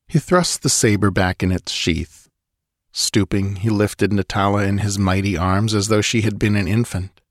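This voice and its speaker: A man narrating an audiobook in a measured, steady storytelling manner. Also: lowish voice, dry recording, clean studio sound. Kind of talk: scripted narration.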